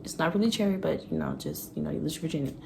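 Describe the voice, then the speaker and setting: A woman's voice: low-pitched, huge pitch swings, very fast, creaky, darkish tone, slight background noise. Profane, candid young woman vlogger. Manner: candid and profane, laughing often, acting out her past self. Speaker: vlogger telling a story. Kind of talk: casual storytime.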